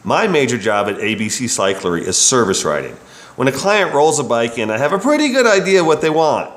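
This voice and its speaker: A man's voice: medium pitch, sing-song, a little fast, fairly bright tone. A bike shop service writer reading his own work story in a wry, opinionated way. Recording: roomy echo.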